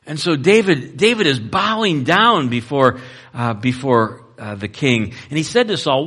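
A man preaching a sermon, reading verses aloud and then stopping to explain them in a relaxed, conversational way with fillers. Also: mid-range voice, unhurried, slightly rough. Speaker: pastor.

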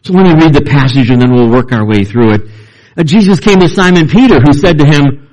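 A man preaching a sermon as pastor, reading scripture and talking it through with lively emphasis. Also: a little fast. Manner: animated, acts out quoted voices with rising pitch.

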